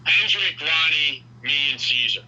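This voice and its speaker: A man telling a story in casual podcast chat, animated and profane. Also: on the high side, measured pace, muffled recording, a crowd in the background. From New York.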